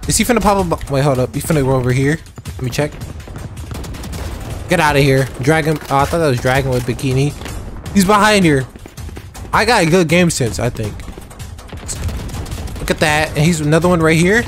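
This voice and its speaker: A gamer giving excited, trash-talking commentary while playing a shooter game. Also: mid-range voice, brisk, long pauses. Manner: hyped, whooping, trash-talking. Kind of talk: live gameplay commentary. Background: faint game music and gunfire.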